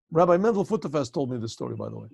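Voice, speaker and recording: A male rabbi tells a story in a loose, conversational way, pausing often to clear his throat. His voice is gravelly and husky, a touch high for a man. He is heard through a video call, close and dry. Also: big pitch swings, a little mellow, dry recording. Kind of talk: animated storytelling for a class.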